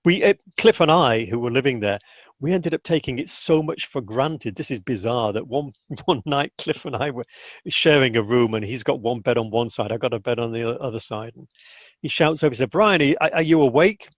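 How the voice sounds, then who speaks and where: A man's voice: mid-range voice, fairly quick, dry recording. A man being interviewed as a guest, telling stories casually, acting out the people he quotes and often restarting his sentences. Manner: animated, acts out quotes, many restarts. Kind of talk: casual storytelling. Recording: dull lo-fi dry recording.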